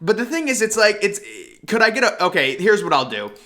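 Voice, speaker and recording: A young man giving casual, excitable commentary while making mock draft trades, thinking aloud and laughing often. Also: high-pitched, brisk. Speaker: NFL draft video creator.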